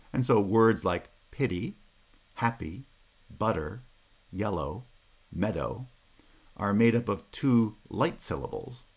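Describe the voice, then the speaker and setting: A man's voice: sits low, breathy edge. A man giving a recorded linguistics lecture, explaining slides patiently and methodically, repeating key terms and checking in with "Right?". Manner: occasional filler "uh" and checking "Right?".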